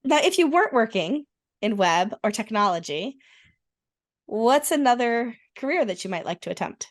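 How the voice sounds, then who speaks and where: Lively, encouraging woman host. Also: on the high side, no room sound, clean studio sound. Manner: warm, encouraging, quick to laugh. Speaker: podcast host. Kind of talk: casual interview chat.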